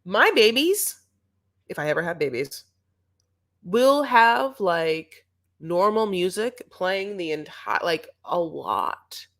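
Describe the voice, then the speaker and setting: A woman's voice: on the low side, big pitch swings, slow pace, fairly bright tone. A young woman co-hosting a TV recap show, chatting casually in a sarcastic, rambling way. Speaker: co-host of a reality TV recap show. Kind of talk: casual chat.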